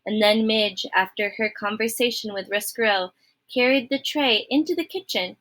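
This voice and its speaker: Bright-voiced woman reading a story aloud. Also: fairly high pitch, normal speed. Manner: expressive, friendly, addresses the reader. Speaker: storybook reader. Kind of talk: reading a novel aloud to children.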